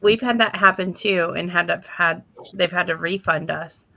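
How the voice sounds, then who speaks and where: A woman hosting a casual livestream chat, chatty with quick reactions. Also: on the low side, vocal fry, pushed and bright, slight background noise. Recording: dull lo-fi stream audio.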